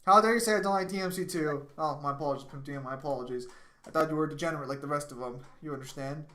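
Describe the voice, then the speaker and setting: Profane, excitable male streamer. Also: fairly high pitch, rapid-fire, a little hiss or hum. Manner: profane, excitable, laughs often. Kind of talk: casual live-stream chat.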